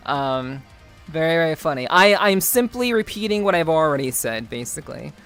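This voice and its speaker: A woman's voice: deep voice, big pitch swings, measured pace, fairly bright tone, faint music behind. A woman streamer chatting casually with her live chat, greeting viewers by name, laughing and repeating herself. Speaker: VTuber streamer.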